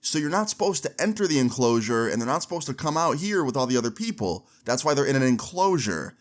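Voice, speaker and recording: A man's voice: mid-range voice, very animated, fast talker, lightly acted. A man voicing a stern male zoo employee who scolds and lectures in his own everyday voice. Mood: lecturing.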